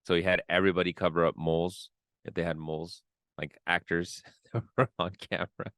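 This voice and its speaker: Low-voiced man, dry close podcast sound. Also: brisk, smooth, no echo. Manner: relaxed storytelling with frequent fillers. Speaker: podcast co-host. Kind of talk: casual podcast chat.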